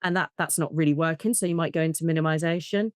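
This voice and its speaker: A woman, a therapist, talking in an interview, explaining with lively examples and acting out short bits of dialogue. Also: low voice, fast talker, clean tone, no room sound, studio quality. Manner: animated, acts out child and parent voices in examples. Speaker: attachment and trauma therapist, guest. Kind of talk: conversational interview.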